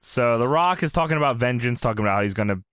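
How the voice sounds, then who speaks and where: A man co-hosting a casual wrestling review podcast, animated and profane, laughing often and reading promos aloud. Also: medium pitch, racing, clear, resonant tone, dry recording, clean studio sound. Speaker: podcast co-host.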